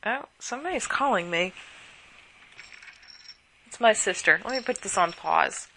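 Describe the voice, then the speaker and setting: A woman's voice: mid-range voice, lively intonation, unhurried, creaky, bright, forceful tone, slight background noise. Sleepy, rambling woman podcaster. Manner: chatty and rambling, with casual asides. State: sleepy and worn out. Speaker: podcast host. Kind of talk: rambling late-night podcast chat.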